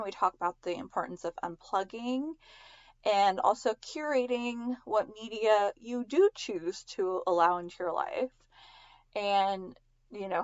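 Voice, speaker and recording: A woman's voice: mid-range voice, no room sound, muffled recording. A woman hosting a podcast in a casual, rambling way, with a slight lisp. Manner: chatty, rambling with restarts and small laughs. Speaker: podcast host.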